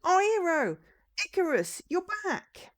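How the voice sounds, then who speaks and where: Lady doing a squeaky overjoyed village woman in a put-on accent, jumps around a lot. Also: sing-song, normal speed, a little mellow. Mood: excited. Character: excitable female villager, high and breathless. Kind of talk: visual novel read-aloud.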